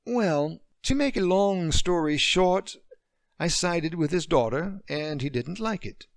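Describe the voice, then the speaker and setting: A woman's voice: fairly low pitch, animated, slow, creaky, dry recording, clean studio sound, voice pushed up, exaggerated voice. A man voicing a hurt adult woman heroine who forces cheer over her anger, in a romance audiobook. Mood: angry.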